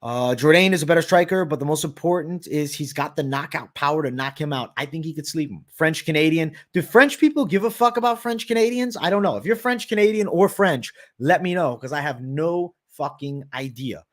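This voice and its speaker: A man's voice: a little high, fairly quick, hardly any pauses. A man hosting a live stream, chatting casually in a brash, profane way, peppering his talk with "bro" as he answers viewer questions. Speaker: host of a live betting show.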